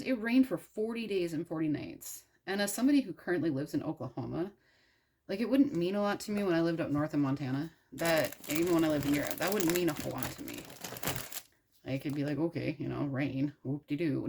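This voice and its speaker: Low husky woman telling a story casually. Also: darkish tone. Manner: irreverent, profane, rambling with many fillers. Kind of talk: casual storytelling while crafting.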